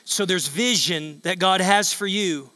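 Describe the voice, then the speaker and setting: A male pastor preaching a sermon in a large church hall, emphatic and repetitive, building up to shouts. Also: high voice, unhurried.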